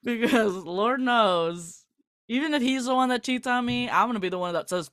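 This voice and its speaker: A woman's voice: fairly high pitch, expressive, a little fast, fairly bright tone, dry recording, studio quality. A young woman hosting a podcast in casual chat, laughing often and swearing freely as she tells stories. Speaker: podcast host.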